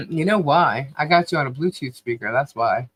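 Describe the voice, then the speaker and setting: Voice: medium pitch, lively intonation, normal speed, a bit bright, husky, no room sound. Chatty laughing podcast co-host, dry sound. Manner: chatty, laughs often, sings snatches of songs. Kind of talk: casual chat.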